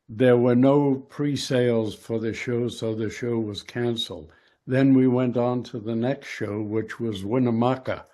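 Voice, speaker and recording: A man's voice: medium pitch, darkish tone. An older man, a retired wrestler, telling road stories as an interview guest, rambling with many fillers. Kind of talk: casual storytelling interview.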